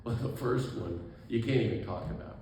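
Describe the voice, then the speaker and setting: A man giving an animated talk as a priest, exuberant, with quick asides and laughter at himself. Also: medium pitch, recorded from a distance. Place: event hall. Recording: echoey room with faint background noise.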